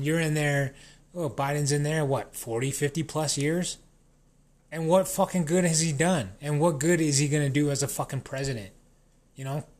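Casting: man in an unscripted rant, heavy profanity, loose and rambling delivery, mid-range voice. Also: medium pitch. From New Mexico. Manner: swears constantly, rambling, restarts sentences.

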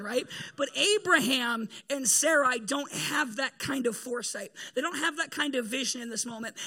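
A man's voice: very high-pitched, pushed and bright. A man preaching a casual sermon to a room of people, laid-back and joking, with slang and fillers. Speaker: pastor. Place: room with a gathered group.

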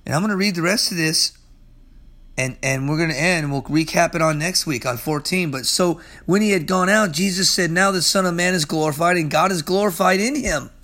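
A man in his forties, a pastor preaching and praying in earnest, emphatic bursts that drop to soft prayer. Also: on the high side, brisk. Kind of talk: sermon and closing prayer. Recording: loud guitar music behind.

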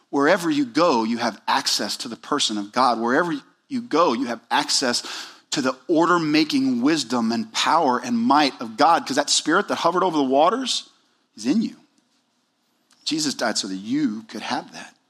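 Male pastor, earnest sermon delivery, middle pitch, stretches key words for emphasis. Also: a bit bright.

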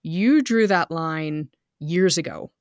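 A woman in her thirties co-hosting a podcast, talking chattily, with quick asides and bursts of speed. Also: low voice, animated, dry recording, clean studio sound. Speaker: podcast co-host. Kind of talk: casual family chat.

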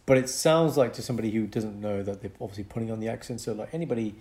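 A young man with a lowish voice co-hosts a relaxed podcast. He explains medical topics with lively, animated energy. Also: racing. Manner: explanatory, animated, breaks into mock accents for fun. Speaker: podcast co-host, doctor. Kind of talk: casual podcast chat.

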